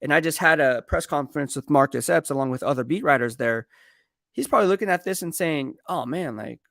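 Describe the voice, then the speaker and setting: A man's voice: fairly high pitch, expressive, fast talker, creaky, fairly bright tone, dry recording, clean studio sound. A man, a sports beat writer, talking through team moves on a casual live stream in a rambling, conversational way and reading viewer comments aloud. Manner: rambling, conversational, self-correcting.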